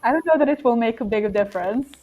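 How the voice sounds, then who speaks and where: Woman at a tabletop game, giggly, teasing, mid pitch. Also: animated, warm tone. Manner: laughing, quick teasing banter. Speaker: player. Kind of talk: casual tabletop game play.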